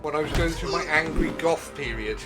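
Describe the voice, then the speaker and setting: A man's voice: fairly high pitch, a little fast. Joking middle-aged male game streamer. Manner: joking, self-deprecating chatter. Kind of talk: casual gameplay commentary. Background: game music.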